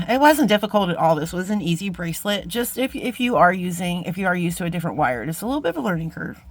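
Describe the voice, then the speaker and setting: A woman's voice: on the low side, expressive, quick pace. A middle-aged woman chatting casually through a jewelry-making tutorial, self-deprecating and talking to viewers as friends. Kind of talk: casual craft tutorial chat.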